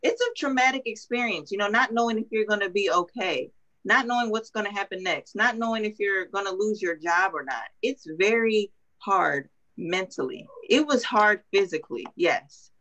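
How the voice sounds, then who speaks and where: A young woman on a video call, earnestly telling her story as an interview guest and often pausing with ums. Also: medium pitch, expressive, fairly bright tone, highs cut off. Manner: earnest, hesitant with many ums. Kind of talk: emotional interview testimony.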